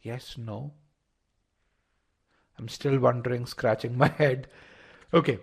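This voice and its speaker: A man's voice: medium pitch, fairly even intonation, slow pace, vocal fry, breathy edge. A man teaching a live online test-prep class, explaining step by step, repeating words as he thinks and asking the audience for responses.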